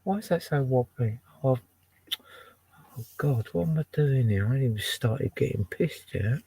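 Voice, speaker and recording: A man's voice: medium pitch, animated, moderate pace, gravelly, dark tone, slightly rough, no room sound. Chatty, swearing man in his 60s. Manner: chatty, swears, jokes at himself. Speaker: home DJ playing vinyl records. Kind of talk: casual chat.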